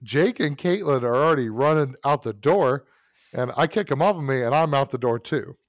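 Rambling casual storyteller, dry sound. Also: male voice, mid-range voice, expressive, moderate pace, dry recording. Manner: rambling, self-correcting anecdote with frequent asides. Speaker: podcast host telling a story.

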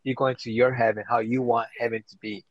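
A man's voice: medium pitch, little pitch movement, brisk, dry recording. Man explaining, dull dry sound. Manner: repeats himself while explaining. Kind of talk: casual chat.

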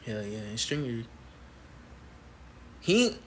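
A man's voice: medium pitch, very animated, slow, a little hiss or hum. A man co-hosting a podcast, chatting casually about TV shows in slang, laughing often. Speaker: podcast co-host.

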